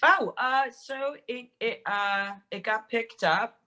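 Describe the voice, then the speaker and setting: A slightly high-voiced woman who takes her time, she is an actress and director appearing on a podcast. Her casual, set stories come with laughter, swearing and animated impressions of what others said.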